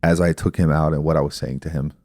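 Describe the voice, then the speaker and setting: Low-voiced man explaining on a podcast. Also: fairly even intonation, quick pace, darkish tone, no echo, studio quality. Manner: reflective, explanatory, storytelling. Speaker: podcast host. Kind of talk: casual podcast conversation.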